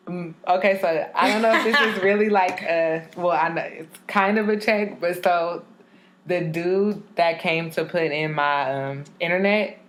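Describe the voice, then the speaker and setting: A woman's voice: on the low side, a little slow, a little hiss or hum. Profane, laughing woman in her twenties. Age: 20s. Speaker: podcast co-host. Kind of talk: casual chat.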